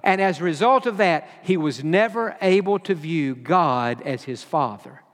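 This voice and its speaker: A man with a high voice preaches a sermon, telling a long story at an unhurried pace. He slows and drops quiet when quoting others, and repeats words as he goes. His voice rings through a church hall with a long reverb. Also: animated. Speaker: pastor.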